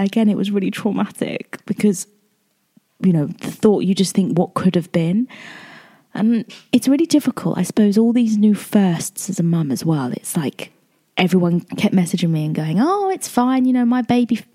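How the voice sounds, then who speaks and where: A woman's voice: fairly low pitch, moderate pace, mellow, breathy edge. A young woman talking in a casual, emotional, rambling way, with lots of fillers and restarts. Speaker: podcast host. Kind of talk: casual personal chat.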